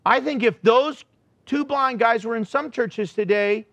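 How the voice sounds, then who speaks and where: A man preaching a sermon in a church, animated and joking, acting out the people he describes. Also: very high voice, unhurried, no room sound, lo-fi sound. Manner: animated, acts out quotes, joking. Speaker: pastor.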